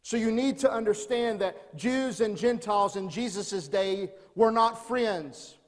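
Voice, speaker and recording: Guy preaching in a church, rhetorical questions, gets louder on points, echoey hall. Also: high voice, measured pace. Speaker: pastor. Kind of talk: sermon.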